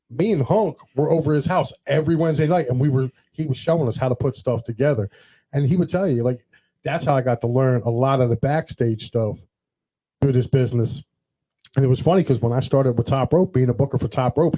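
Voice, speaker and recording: A man's voice: mid-range voice, warm tone, slightly rough, poor audio. A man hosting a casual podcast, telling rambling stories and acting out what others said. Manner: rambling anecdotal storytelling, quotes others in dialogue. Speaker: podcast host.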